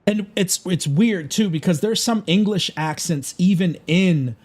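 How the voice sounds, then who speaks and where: A man's voice: high-pitched, measured pace, darkish tone. A man from Chicago chatting casually on a gaming livestream, rambling, opinionated and swearing freely. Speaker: gaming streamer.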